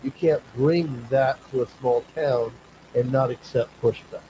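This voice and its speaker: Male host, warm, halting, chatty. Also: mid-range voice, a little hiss or hum, rough recording. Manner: halting, many fillers and restarts. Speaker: talk show host. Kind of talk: casual talk-show conversation.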